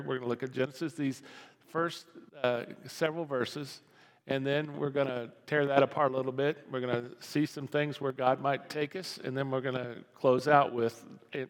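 A man's voice: medium pitch, fairly bright tone. A male pastor gives a sermon in an easygoing, conversational tone. He circles back on his own words and poses rhetorical questions to the congregation. His voice trails out into the long reverb of a church sanctuary.

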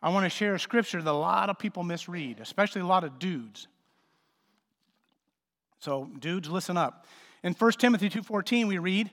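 A man's voice: sits high, lively intonation, moderate pace, long pauses, fairly bright tone. A man preaching a sermon as pastor, conversational and joking, with sudden emphatic swells. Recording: reverberant hall.

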